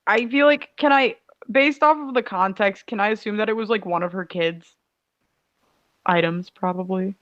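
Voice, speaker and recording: A woman playing a tabletop game, eager and chatty, asking quick questions. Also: mid-range voice, a bit bright, dry recording, lo-fi sound. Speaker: player. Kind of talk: casual tabletop play.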